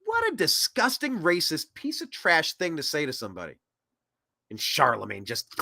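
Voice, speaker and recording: Male host, 30s, sarcastic rambling commentator, animated high-ish voice. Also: normal speed, gravelly. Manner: rambling and sarcastic, with mocking put-on quotes. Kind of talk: opinionated political commentary.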